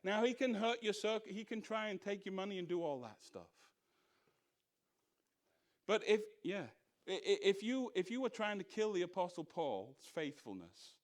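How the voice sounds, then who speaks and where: A pastor leads a church Bible study with a somewhat high male voice. He is animated and fires off rhetorical questions. He briefly acts out the voices of scoffers. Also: moderate pace.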